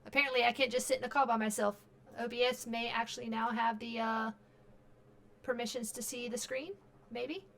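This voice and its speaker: A woman's voice: fairly high pitch, steady tone, brisk, fairly bright tone. A very tired woman streamer wrapping up her stream in casual chat, rambling with lots of fillers and restarts.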